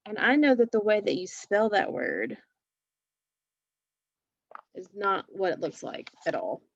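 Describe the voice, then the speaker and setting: A woman teaching phonics to young children, slowly and patiently sounding out each letter. The recording is dry and a little dull. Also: medium pitch, huge pitch swings, no echo.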